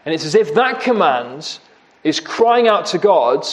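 A man delivers a sermon at an unhurried pace. His voice sits a little high for a man. He speaks gravely and leans on key words by repeating them. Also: big pitch swings. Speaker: preacher.

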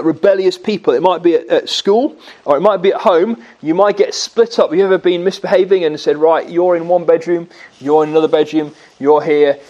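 A man's voice: high voice, darkish tone, lo-fi sound. A man preaching a sermon. He teaches from scripture and asks the congregation questions as he goes.

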